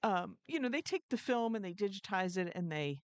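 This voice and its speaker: Woman, podcast co-host, mid-pitched, chatty storyteller, frequent laughs. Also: expressive, brisk, clear, resonant tone, dry recording. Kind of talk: casual live podcast chat.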